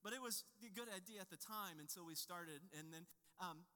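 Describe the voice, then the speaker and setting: Pastor, man in his 30s, chatty storytelling sermon, high bright voice, long hall reverb. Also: a little fast, smooth. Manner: conversational storytelling with a personal anecdote.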